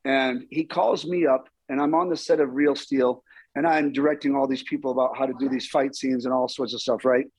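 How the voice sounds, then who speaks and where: A middle-aged man, a stunt performer, telling stories in an interview with lively, acted-out dialogue. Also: mid-range voice, brisk, breathy edge, no room sound, rough recording. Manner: animated, acts out quoted dialogue. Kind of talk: storytelling interview.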